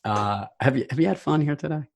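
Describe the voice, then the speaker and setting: A man's voice: on the high side, quick pace, creaky. A man hosting a podcast who talks in an easygoing, reflective way as he interviews a guest. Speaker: podcast host. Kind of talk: relaxed interview conversation.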